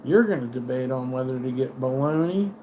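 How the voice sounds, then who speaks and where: A man's voice: mid-range voice, lively intonation, brisk, warm tone, a little hiss or hum. Profane, rambling American man streaming. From United States. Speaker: livestream host. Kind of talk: rambling livestream rant.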